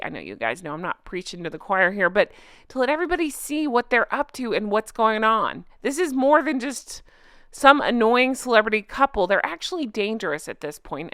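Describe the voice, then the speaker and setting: A woman's voice: mid-range voice, a bit bright, clean tone, dry recording, studio quality. A middle-aged woman hosting a commentary vlog, talking in a heated, indignant way and reading viewer comments aloud. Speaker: commentary channel host.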